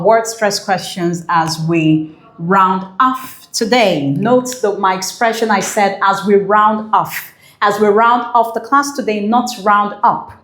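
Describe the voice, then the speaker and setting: A woman's voice: medium pitch, reverberant. A woman teaching an exam prep English lesson, explaining patiently with many fillers and repeats.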